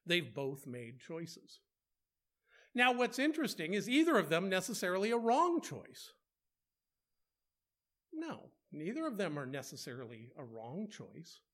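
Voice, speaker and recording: A man's voice: sits high, wildly swooping pitch, measured pace, pauses often, fairly bright tone. A man preaching a conversational sermon, asking rhetorical questions and slipping in playful asides.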